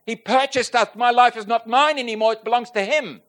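High-voiced earnest man preaching a testimony. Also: fairly quick. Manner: earnest and emotional, swelling loud on key points; addresses the congregation directly with questions. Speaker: preacher giving a personal testimony. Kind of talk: sermon testimony.

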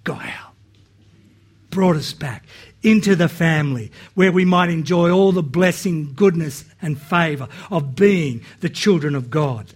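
A man's voice: on the high side, measured pace, slightly rough. A man preaching a sermon, earnest, often repeating words as he starts phrases and acting out the quotes he reads. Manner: acts out Bible quotes with rising and dropping voice.

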